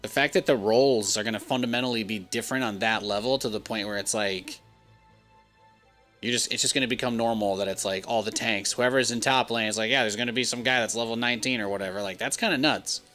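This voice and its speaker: A man in his thirties talks through a live game stream in a bright, forceful voice. He rambles casually and peppers his talk with "like". Faint music plays underneath. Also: on the low side, fast talker. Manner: chatty, rambling, heavy use of "like".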